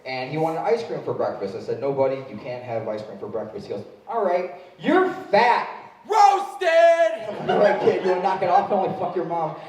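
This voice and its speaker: A man doing a stand-up set with animated storytelling and shouted kid voices. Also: medium pitch, fast, hardly any pauses. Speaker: stand-up comedian. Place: comedy club stage. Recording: echoey live room from far off.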